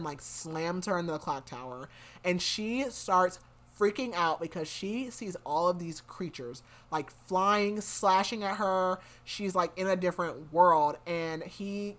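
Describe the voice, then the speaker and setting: A woman hosting a podcast, casually recapping a story in a rambling way full of "like". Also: on the low side. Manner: rambling, fills speech with "like". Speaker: podcast host.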